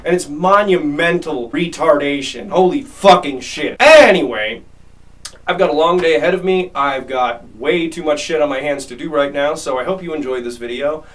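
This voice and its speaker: High-voiced man in a furious rant. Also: far from the mic. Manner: furious, profane, fast shifts of loudness. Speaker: video creator. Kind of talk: angry vlog rant.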